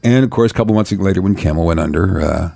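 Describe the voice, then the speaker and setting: A middle-aged man, a radio DJ, telling career stories in an animated, laughing way. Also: sits low, fast, gravelly, no room sound. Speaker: radio DJ, interview guest. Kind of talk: casual storytelling interview.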